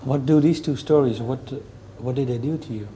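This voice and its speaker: A man interviewing, asking short, gentle prompting questions from off-mic. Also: mid-range voice, moderate pace, slight background noise.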